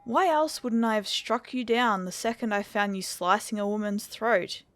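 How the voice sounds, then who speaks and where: A woman's voice: fairly high pitch, normal speed, fairly bright tone, no echo, faint music behind, lightly acted. A woman voicing a bored, menacing man who cannot be killed, speaking with cool scorn. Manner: scornful, coolly threatening.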